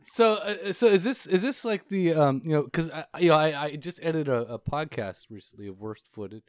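A man's voice: on the high side, animated, normal speed, clean tone, no room sound, clean studio sound. Rambling, cussing man telling a story. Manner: profane, laughing, heavy fillers and restarts. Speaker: podcast co-host.

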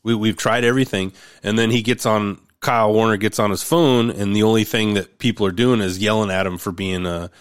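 Low-voiced blunt male podcast host. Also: steady tone, fairly quick, few pauses, clean tone, dry recording, clean studio sound. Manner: blunt, wry, swears freely. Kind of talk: casual chat.

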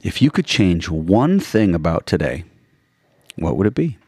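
A man co-hosting a casual parenting podcast, animated and quick to laugh, often tagging "right?" onto his points. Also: low-pitched, husky, no echo, clean studio sound. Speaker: podcast co-host.

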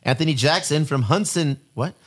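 A man's voice: fairly high pitch, moderate pace, breathy edge. A man hosting a casual studio podcast, joking crudely and reading news stories aloud to the group. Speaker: podcast host. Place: studio couch with several people.

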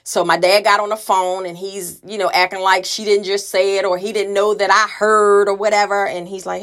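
A woman's voice: medium pitch, fairly even intonation, moderate pace, hardly any pauses, a bit bright. Middle-aged woman telling her own story, casual and conversational, mid-range voice, slips into the voices of people she quotes. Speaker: listener sharing a story. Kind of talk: personal storytelling.

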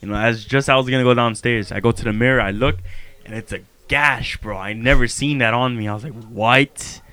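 A man's voice: medium pitch, fast, sharp tone, smooth. A young man telling a story in casual chat, slangy and laid-back, often repeating his words.

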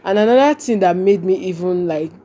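Young Nigerian woman, lively storyteller. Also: lowish voice, fairly quick. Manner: animated, repeats phrases and acts out quoted speech. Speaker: podcast guest. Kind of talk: casual conversational storytelling.

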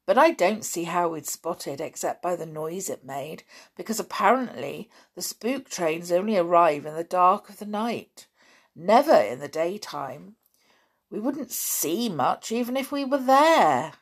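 A woman's voice: fairly low pitch, animated, unhurried, breathy edge, heavily acted. A woman reading aloud, voicing a boy who cheerfully boasts of his adventures. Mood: boastful. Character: lively boy telling tales of adventures.

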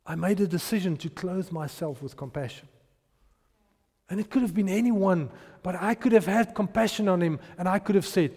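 A man's voice: sits high, moderate pace, a little mellow, big-room sound. A man preaching a sermon and acting out the people in his stories. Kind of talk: sermon with storytelling.

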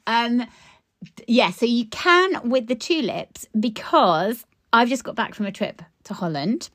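A woman co-hosting a podcast about flower farming. She tells chatty, animated stories with quick asides. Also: on the high side, dry recording, studio quality. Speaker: podcast co-host, flower farmer. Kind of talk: casual chat.

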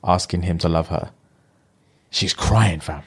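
A man's voice: sits low, unhurried, vocal fry, husky. A young man, chatting casually as he retells a film plot in slang and acts out the characters' lines. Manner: animated storyteller with slang, acting out the lines.

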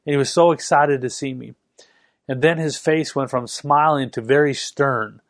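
A middle-aged man delivers a sermon in an earnest, emphatic way, dragging out key phrases for weight. His voice sits at an ordinary pitch and is recorded close and dry, with no room sound around it. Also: steady tone, dry recording. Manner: earnest, with slow emphatic stresses. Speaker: preacher.

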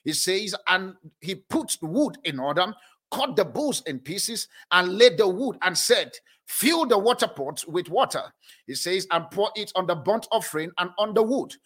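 High bright-voiced preaching man. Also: animated. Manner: preaching with emphatic declarations and slow drawn-out reading. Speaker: pastor. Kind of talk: sermon.

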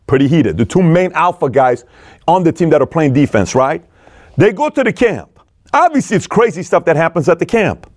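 Male storyteller, lively and expressive, fairly high voice, dry recording. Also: moderate pace, no room sound. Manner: energetic, acts out dialogue, swings between loud and low. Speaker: speaker retelling a film and business lessons. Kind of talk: animated storytelling talk.

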